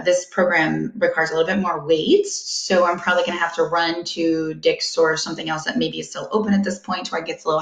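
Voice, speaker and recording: A woman's voice: low voice, creaky, echoey room, rough recording. A woman hosting a daily live video from home, chatting casually and rambling a little, laughing easily. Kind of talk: casual live vlog chat.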